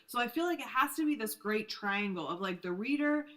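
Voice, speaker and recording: A woman's voice: fairly high pitch, expressive, fairly quick, a bit bright. Affirming woman podcast host. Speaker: podcast host, tarot deck maker. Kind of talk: casual interview chat.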